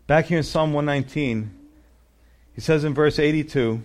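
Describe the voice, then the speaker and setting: A man's voice: a little high, normal speed, pauses often. A man preaching a sermon, earnest and emphatic, often adding "you know" and "you see". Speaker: pastor.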